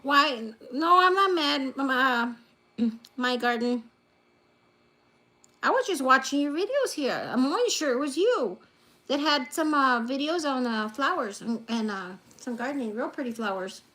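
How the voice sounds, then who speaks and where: Woman livestream host with a high voice, playful and teasing with viewers, laughing often, phone on a table. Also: animated, moderate pace, bright, forceful tone. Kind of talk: casual livestream chat with viewers. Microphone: phone lying on a table.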